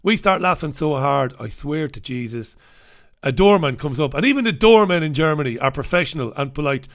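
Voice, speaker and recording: Male host, fairly high voice, rambling swear-laden comic yarns, laughs a lot. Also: animated, brisk, a bit bright. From Ireland. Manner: profane, laughing, rambling anecdotal delivery. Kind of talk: comic storytelling on a live show.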